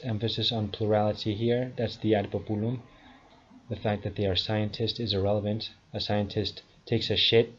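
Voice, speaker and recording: A man's voice: lowish voice, breathy edge. Combative man in his thirties, lo-fi. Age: 30s. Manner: combative, insulting, scornful. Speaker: video commentator. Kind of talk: monologue rebuttal. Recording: dull lo-fi sound.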